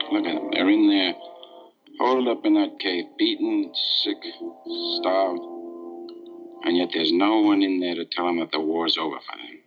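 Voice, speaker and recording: An actor playing a war-weary American infantry soldier in a grim, muttering 1960s TV drama style. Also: male voice, sits low, lightly acted. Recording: dull old TV soundtrack with music.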